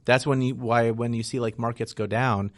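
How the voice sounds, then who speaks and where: A man's voice: medium pitch, fairly even intonation, normal speed, no echo, clean studio sound. A man speaking as a real estate investor guest in a casual interview, frank and explanatory, often tagging "right?" onto his points.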